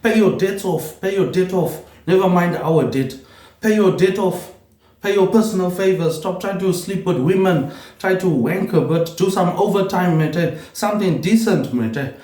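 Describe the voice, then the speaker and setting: A man's voice: moderate pace, darkish tone. Rambling New man in a roomy echo. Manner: rambling, repeats words, tags lines with a low "mate, eh". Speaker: vlogger. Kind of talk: rambling solo monologue.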